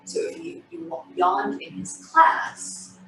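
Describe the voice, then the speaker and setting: A woman instructor guiding a stretching class over a video call, with soothing, breathy cues and sighs. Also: very high voice, animated, takes it slowly, bright, forceful tone, far from the mic. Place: home room on a video call. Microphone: laptop mic on a video call. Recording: echoey room, off-mic, music behind. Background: background music.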